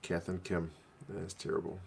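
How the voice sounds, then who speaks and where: A man's voice: deep voice, monotone, moderate pace, creaky, a little hiss or hum. A man with a New Zealand accent, chatting casually on a live stream as he watches a rugby match and answers viewers. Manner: chatty, reads viewer comments aloud, says bro.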